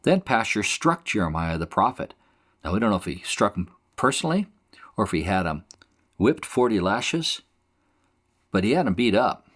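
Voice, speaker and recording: A man's voice: on the low side, sing-song, moderate pace, long pauses, fairly bright tone. A man teaching a Bible passage verse by verse, explaining it in plain conversational terms. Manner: explains scripture conversationally, acts out quotes.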